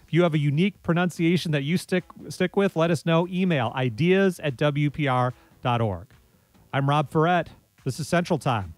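A man hosting a public radio talk show, speaking in a measured, lightly wry way. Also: a little high. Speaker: radio host.

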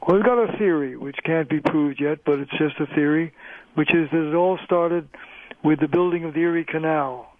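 A man's voice: fairly high pitch, normal speed, no echo. A man who is a linguistics professor, patiently explaining as a guest on a radio interview. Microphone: phone line. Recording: tinny phone line, dry.

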